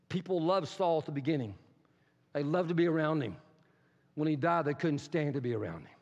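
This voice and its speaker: A man's voice: on the high side, darkish tone. A man preaching an impassioned, emphatic sermon as pastor in a church. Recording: echoey hall, dull sound.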